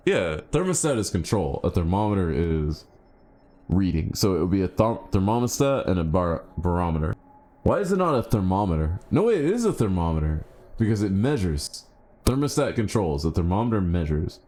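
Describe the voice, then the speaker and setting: A man streaming a game live, chatting casually and thinking out loud, with sudden excited yelps. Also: sits low, normal speed. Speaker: gaming streamer. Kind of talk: casual live gameplay commentary.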